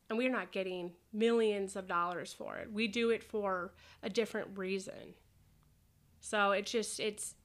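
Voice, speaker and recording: A middle-aged woman, a roller derby skater, chatting as a podcast guest and telling animated stories. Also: mid-range voice. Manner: animated storyteller, acts out quoted voices. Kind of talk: casual interview chat.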